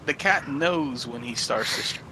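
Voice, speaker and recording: A man's voice: mid-range voice, unhurried, crowd noise. A man joining a game stream, chatting casually and teasing his friend. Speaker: co-player. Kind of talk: casual gaming chat. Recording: noisy stream audio.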